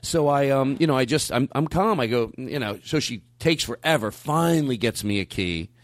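Dry-sounding man telling an animated story. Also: moderate pace, no room sound. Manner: animated, jumps way up in pitch acting out his own outbursts; rambling with frequent restarts and asides. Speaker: stand-up comedian. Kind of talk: casual storytelling chat.

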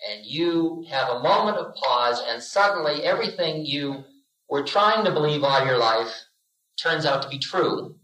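A man's voice: medium pitch, expressive, unhurried, a bit bright, roomy sound, low-quality recording. A man giving a spiritual lecture to an audience, telling it as a story and acting out the voices he quotes, with humor. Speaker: spiritual teacher.

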